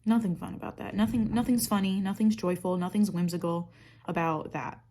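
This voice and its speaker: Woman doing a get ready with me, rambly, sarcastic, swears a lot, mid-pitched voice. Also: level tone, fairly quick, dark tone. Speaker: makeup vlogger. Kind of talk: casual get-ready-with-me chat.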